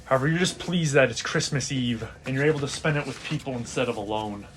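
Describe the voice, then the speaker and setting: A man's voice: medium pitch, fast talker, slight background noise. A man narrating as game master of a tabletop role-playing game, casual, with many fillers.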